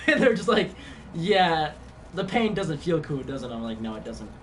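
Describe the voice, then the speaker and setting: Chatting on a live game stream, a young man rambles through a story, restarting often and using lots of fillers. His voice is on the high side and animated, at a moderate pace, captured by a distant mic with background noise.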